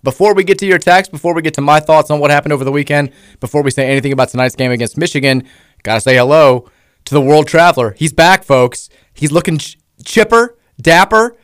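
A man's voice: a little high, fast, fairly bright tone, smooth, no room sound. A man hosting a sports talk radio show, upbeat and teasing in casual chat. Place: radio studio. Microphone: studio microphone. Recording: dry studio sound.

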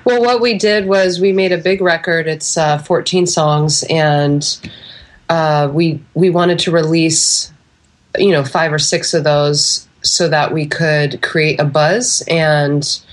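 Woman with a stuffy nose from a cold, guest on a show, chill and rambly, lots of ums. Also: sits low. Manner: relaxed, rambling with many fillers. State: congested from a cold. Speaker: singer-songwriter guest. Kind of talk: casual interview.

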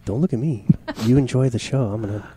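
A man giving deadpan, mock-formal play-by-play narration in a casual chat. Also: mid-range voice, fast, a little hiss or hum. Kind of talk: casual commentary.

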